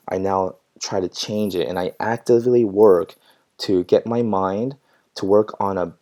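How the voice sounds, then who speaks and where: A man vlogging about his business in casual chat, reading viewer comments and answering them in a reflective, encouraging way with frequent ums and soft laughs. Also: fairly low pitch. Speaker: pet groomer vlogger.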